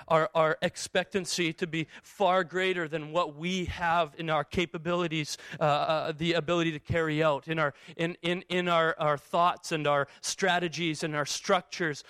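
A man's voice: high-pitched, fairly bright tone, dry recording. A young man preaching a sermon as pastor, telling self-deprecating stories, acting out his inner voices, often restarting his sentences. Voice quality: many restarts and stumbles.

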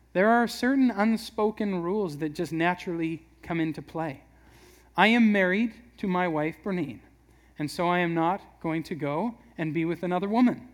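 High-voiced young pastor, chatty and joking. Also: male voice. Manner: conversational, humorous, many restarts. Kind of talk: sermon.

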